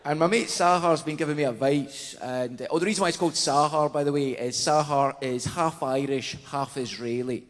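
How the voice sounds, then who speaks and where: A man's voice: on the high side, brisk, few pauses. A Scottish man doing a chatty, self-mocking stand-up set on a large theatre stage. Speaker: stand-up comedian. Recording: theatre stage reverb, faint noise.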